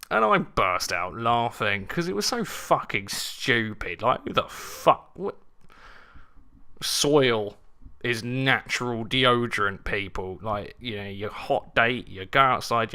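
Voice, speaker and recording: An Englishman talks at home into a handheld mic, rambling and sardonic with plenty of swearing. His pitch jumps about animatedly and his tone is bright and tense. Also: clear, resonant tone. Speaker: gaming channel host. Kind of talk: casual battle commentary and rant. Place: home living room. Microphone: handheld desk mic.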